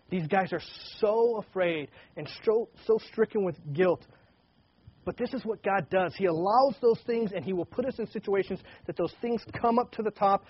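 A man's voice: high voice, slightly rough. Man teaching Scripture on lo-fi audio. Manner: casual, animated retelling with frequent restarts. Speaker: pastor. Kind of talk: Bible teaching, reading and commenting.

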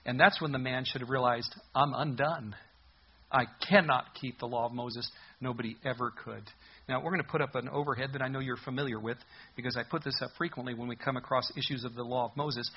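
A man's voice: mid-range voice, fairly even intonation, fast talker, dull audio, a little hiss or hum. A pastor preaching a conversational sermon, explaining scripture with sudden emphatic rises and laughing at his own jokes.

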